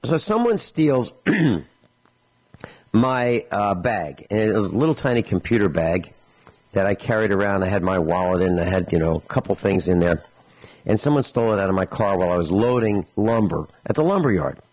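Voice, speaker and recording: A man's voice: fairly low pitch, normal speed. A male talk radio host, telling stories with sarcasm and exasperation and acting out both sides of conversations. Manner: animated storytelling, acts out both sides of conversations.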